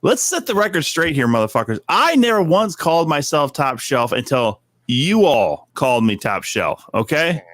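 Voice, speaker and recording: A man's voice: on the high side, big pitch swings, moderate pace, few pauses, fairly bright tone, no room sound, studio quality. Swearing man in mock-boastful banter. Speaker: podcast co-host. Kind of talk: casual wrestling podcast banter.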